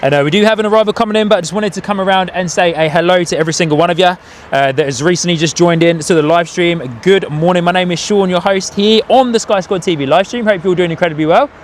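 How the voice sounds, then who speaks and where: A man hosting a live plane-spotting stream outdoors, chatty and quick to exclaim. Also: sits high, slight background noise. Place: outdoors by an airport.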